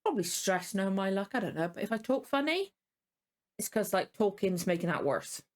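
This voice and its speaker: A woman's voice: mid-range voice, sing-song, moderate pace. A tired woman hosting a reaction video, rambling casually and apologizing often. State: tired and yawning.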